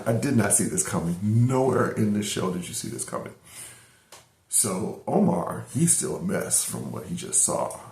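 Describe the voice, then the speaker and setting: A man's voice: fairly low pitch, creaky, darkish tone. A middle-aged man casually reviewing an episode, retelling the plot in a rambling way with many fillers and restarts. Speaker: anime reviewer. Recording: roomy echo.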